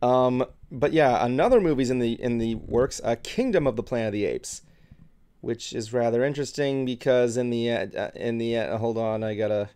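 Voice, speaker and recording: A man's voice: mid-range voice, normal speed, darkish tone, clean tone. Podcast host, male, chatty and loose, lots of ums. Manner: chatty, many ums and restarts. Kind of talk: casual chat.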